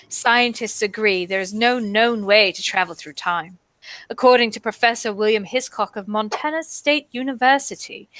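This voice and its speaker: A woman co-hosting a stream, reading a news article aloud with wry, deadpan asides. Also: on the high side, dry recording.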